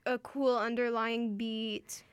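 High-voiced giggly young woman co-host. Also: little pitch movement, takes it slowly, clear, resonant tone, no room sound, studio quality. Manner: giggly, chatty, trails off mid-sentence. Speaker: radio show co-host. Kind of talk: casual radio chat.

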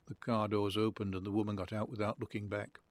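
A man reading a literary short story aloud. His narration is calm and measured. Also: lowish voice.

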